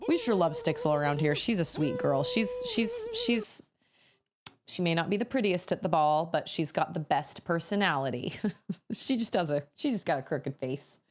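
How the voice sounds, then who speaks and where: A woman's voice: low-pitched, lively intonation, a little fast. A woman in her thirties chatting casually as a streamer, laughing often and breaking into sudden exclamations. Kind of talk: casual chat while building.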